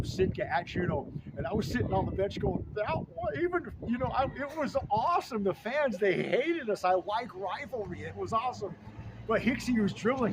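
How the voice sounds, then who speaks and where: A man in his fifties from Southeast Alaska, hosting a casual, nostalgic vlog and listing old names with rambling enthusiasm. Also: on the high side. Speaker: vlog host. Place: outdoors in front of a fieldhouse. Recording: loud outdoor traffic noise. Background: loud street and traffic noise.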